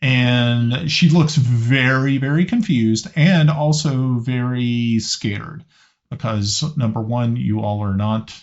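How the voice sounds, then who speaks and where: A man's voice: mid-range voice, fairly even intonation, takes it slowly. A man narrating as game master of a tabletop game, hesitant and often restarting his sentences. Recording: slightly muffled lo-fi audio.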